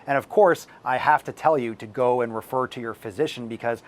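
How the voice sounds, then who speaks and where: A man in the middle of his pitch range answers viewer questions on his fitness channel. He is blunt and swears freely, sometimes ranting, and his voice is a touch hoarse from losing it. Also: brisk. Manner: blunt and profane, ranting at times.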